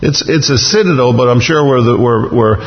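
A man preaching an expository sermon, acting out the voices of the people in the text with sudden jumps in pitch. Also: a little fast, a little hiss or hum. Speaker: pastor. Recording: muffled sound in a reverberant hall.

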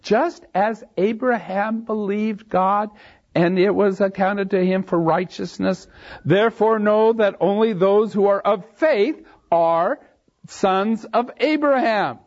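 This preacher has a high voice and takes his time as he reads scripture aloud and works through it verse by verse, stressing key phrases heavily. It's expository Bible teaching, captured in a dull, lo-fi sermon recording.

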